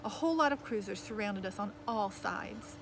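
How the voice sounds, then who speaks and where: A woman reading a children's novel aloud in lively, expressive first-person storytelling. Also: mid-range voice, moderate pace, background noise. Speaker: audiobook reader.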